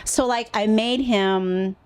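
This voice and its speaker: A woman's voice: a little high, slow pace, clear, resonant tone. A woman, a podcast guest and actor, telling stories in a casual chat and swearing freely. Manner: animated storytelling, swears freely.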